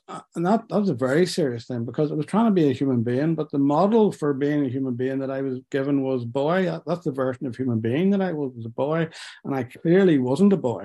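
A man recounts his own life in a personal testimony. His voice is warm and mellow, pitched in an ordinary middle range, and his speech moves in halting stretches, pausing and restarting as he reflects.

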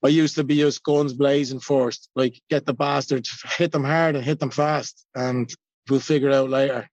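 A man's voice: medium pitch, steady tone, normal speed, a little mellow, dry recording, highs cut off. An Irish man in his forties giving a blunt, self-mocking personal share at a recovery meeting, swearing freely. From Ireland. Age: 40s.

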